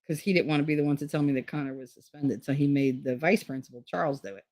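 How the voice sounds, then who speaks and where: A woman's voice: low-pitched, steady tone, quick pace, darkish tone, no room sound. A middle-aged woman from Hoboken, telling stories in blunt, profane casual chat on her channel. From Hoboken, New Jersey. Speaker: channel host.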